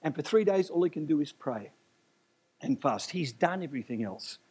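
A man preaching a sermon, animated and emphatic, with jokes and asides. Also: fairly high pitch, moderate pace, slightly rough.

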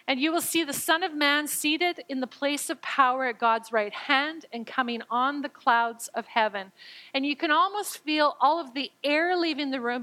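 Woman preaching, reads scripture then explains it, bright highish voice, acts out the quotes. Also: low-quality recording. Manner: expressive, acts out quoted lines, stammers when excited. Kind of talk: sermon reading and explaining scripture.

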